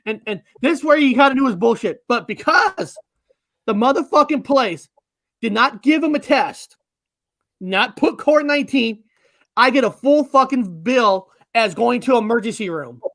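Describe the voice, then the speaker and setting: A man's voice: very high voice, animated, moderate pace, fairly bright tone, no room sound, studio quality. A man hosting a casual chat, ranting angrily with lots of swearing and repeated words. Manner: angry, profane, repeats himself. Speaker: podcast host.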